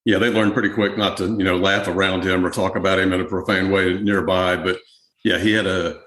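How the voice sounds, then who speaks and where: Male guest historian, low voice, easygoing interview talk, echoey room. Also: a little fast. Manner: relaxed, conversational, many fillers. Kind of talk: podcast interview answers.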